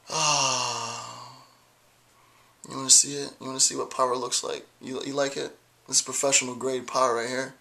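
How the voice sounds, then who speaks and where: A man's voice: medium pitch, little pitch movement, normal speed, gravelly, bright, forceful tone. Playful man rambling about philosophy. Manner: playful, digressive, keeps asking "right?". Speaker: video blogger.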